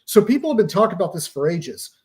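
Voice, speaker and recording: A man's voice: high voice, very animated, fast talker, darkish tone. A man being interviewed as an author, explaining psychological operations in a lecturing way with pop-culture analogies.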